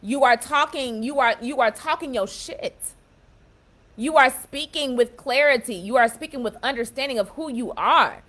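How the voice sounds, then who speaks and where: Emphatic motivational woman, higher voice. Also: moderate pace. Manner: warm, emphatic, repeats and restarts phrases, laughs at herself. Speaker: self-empowerment speaker. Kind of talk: casual motivational talk to camera.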